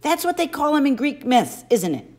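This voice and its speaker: A woman's voice: mid-range voice, animated, measured pace, a little mellow, pitched above the performer's own voice. A woman voicing a twelve-year-old boy who speaks bluntly and urgently, in an audiobook.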